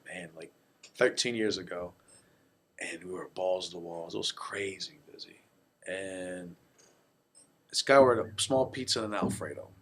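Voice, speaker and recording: A man who manages his family's restaurant, telling stories casually in an interview, relaxed and heavy on fillers. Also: on the low side.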